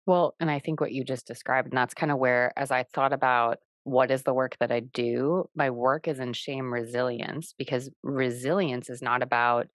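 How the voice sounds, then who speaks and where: Low-voiced woman podcast host. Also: fairly even intonation, normal speed, few pauses, no room sound. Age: 30s. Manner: reflective, explains with personal stories. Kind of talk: casual conversation.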